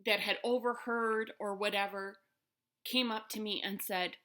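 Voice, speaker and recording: A woman tells a personal story to her camera in a loose, chatty way. Her voice is bright and forward, and she rambles, circles back and fills the gaps with ums. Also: medium pitch, fairly even intonation, a little slow. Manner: chatty, rambling with many fillers and restarts. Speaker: vlogger telling a personal story. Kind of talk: casual storytelling.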